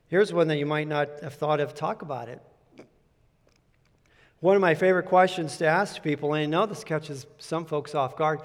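Here the pastor's voice is a little high and moves at normal speed as he preaches earnestly and conversationally, circling back to stress his main points. A large hall's long reverb surrounds the recording.

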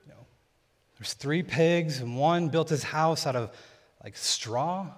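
A young man preaching a sermon in a relaxed, conversational way. his voice sits a bit high for a man, and a long reverb trails after it, as if he is in a big church sanctuary. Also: slow pace. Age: young adult. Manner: casual, conversational teaching. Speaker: pastor.

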